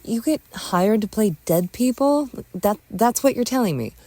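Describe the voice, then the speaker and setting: A woman voicing a suspicious, hot-tempered young woman who shouts and snaps in a narrated audio story. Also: mid-range voice, animated, normal speed, no echo, voice pushed up, close to an everyday voice. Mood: hostile. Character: fierce, suspicious young woman, quick to yell.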